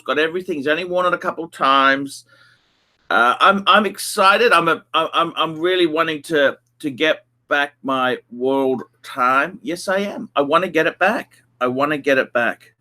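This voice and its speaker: Slow, bright-voiced rambling male host. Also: a little high. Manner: rambling, repeats phrases, many fillers. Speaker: livestream host. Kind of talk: casual livestream chat.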